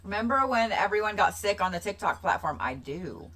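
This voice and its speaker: A woman hosting a casual livestream, rambling and repeating herself with sudden excitable bursts. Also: mid-range voice, brisk. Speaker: livestream host.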